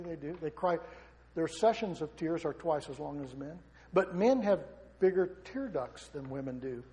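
High-voiced preaching man in a big hall. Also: warm tone. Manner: impassioned preaching with rhetorical questions. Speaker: pastor. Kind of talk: sermon. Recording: long reverb of a large hall.

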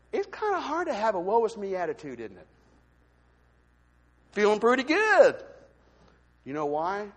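A man speaks from a church pulpit, telling his own story like a sermon. His voice sits high and swings widely, and he acts out the other people's lines. A long reverb from the sanctuary trails behind every word. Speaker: lay speaker giving a testimony in church. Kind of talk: sermon testimony.

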